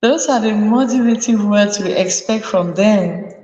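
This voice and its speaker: Hosting a live parenting chat, a woman earnestly advises parents and keeps repeating her main points. Her mid-range voice is mellow and measured in pace, and the lo-fi recording comes from an echoey room with long reverb.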